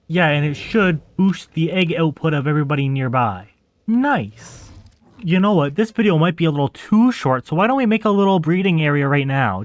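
A man with a slightly high-pitched voice chats through his own gameplay in a loose, let's-play manner. He talks straight to his viewers and grumbles when the game goes wrong. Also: no room sound. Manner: chatty, easily exasperated, talks to the audience while playing. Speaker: gaming channel host. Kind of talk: casual let's-play commentary.

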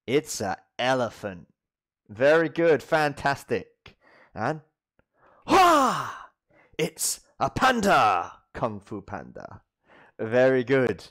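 Guy doing a kids english class, super slow and sing-songy, repeats every word. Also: medium pitch, sing-song, fairly bright tone. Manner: slow, drawn-out repetition with playful animal noises. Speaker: English teacher. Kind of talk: children's ESL vocabulary lesson.

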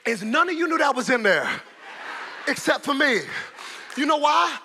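A man as guest preacher, giving a fervent, animated sermon in church with storytelling and shouted peaks. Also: very high voice, moderate pace, a faint crowd, a little hiss or hum. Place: church service.

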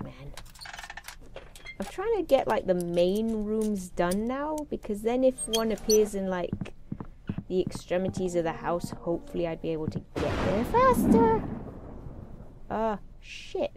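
A woman's voice: on the low side, very animated, normal speed, noisy background. A young woman commentating a horror game as she plays, sweary, sarcastic and jumpy. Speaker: let's play gamer.

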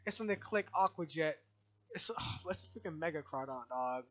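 A young man with a high, wildly swooping voice rants and yells over his gaming session in casual slang. Faint game music plays under his commentary. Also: animated, normal speed, dull audio. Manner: exasperated, loud outbursts, slangy. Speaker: let's play host.

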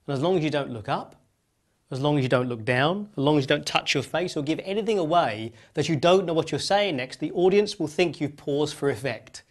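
A man's voice: a little high, lively intonation. Man coaching with shifting pace and volume. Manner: shifts between fast punchy delivery and slow near-whispered pauses. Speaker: public speaking coach. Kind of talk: presentation lesson demonstrating vocal variety.

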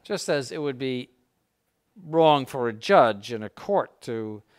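A man of mid pitch delivers an informal lecture as a bishop teaching clergy. He talks in an earnest, conversational way, stressing his points and acting out quoted examples to make them land. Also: expressive, slow.

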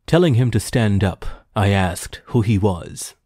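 Measured, dark-voiced male narrator. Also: fairly low pitch, lively intonation, dry recording, clean studio sound. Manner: measured, formal storytelling. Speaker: audiobook narrator. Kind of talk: scripted narration.

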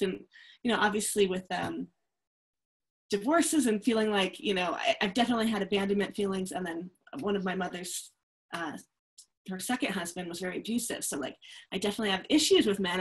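A woman's voice: medium pitch, expressive, brisk. A woman hosting a podcast, speaking candidly and openly about her own experiences. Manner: candid, open, soft-spoken reflection with laughs. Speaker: podcast host. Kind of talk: interview conversation.

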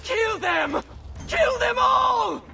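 A man's voice: very high voice, expressive, drawn-out words, creaky, sharp tone, raised voice, faint music behind, full character voice. An actor playing an arrogant young male noble rival in a video game, haughty and taunting. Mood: furious. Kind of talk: video game cutscene acting.

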